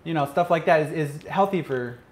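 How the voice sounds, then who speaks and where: A man's voice: a little high, fairly quick. A man co-hosting a homestead show, chatting casually with dry, matter-of-fact remarks. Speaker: co-host. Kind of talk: casual chat.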